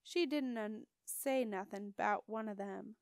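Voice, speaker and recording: A grumbling, dutiful marsh creature with a deep gurgling drawl, as a woman reads him aloud. He clips his word endings and mutters short answers. The sound is dry and close. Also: measured pace, gravelly, smooth, no echo. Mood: grumpy. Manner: grumbling, clipped dropped endings. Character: grumpy male marsh creature, furry, dutiful.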